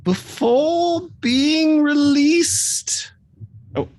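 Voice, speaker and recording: A woman voicing a strange, formal male creature that speaks in slow, archaic phrases. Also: on the high side, breathy edge, pitched above the performer's own voice, heavily acted. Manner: grandiose, slow archaic speech. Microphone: video call.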